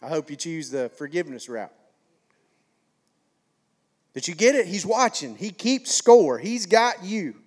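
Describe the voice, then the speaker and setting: Folksy pastor, tenor-high voice, chatty preaching style. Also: male voice, sing-song, a little slow, long pauses, a little mellow. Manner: folksy, conversational preaching with repetition. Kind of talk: sermon.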